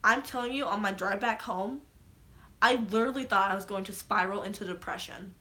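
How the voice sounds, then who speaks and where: An excitable young woman talking straight to her camera in a loose, rambling vlog. She swears freely and piles on restarts, and her voice sounds bright and forceful. Her pitch sits in an ordinary middle range for a woman. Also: fairly quick. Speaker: vlogger. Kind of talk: casual chat.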